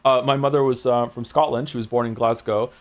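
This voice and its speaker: A man's voice: medium pitch, steady tone, a little fast. A man from Wales streaming a video game, chatting casually and reading dialogue aloud, with frequent stammering restarts.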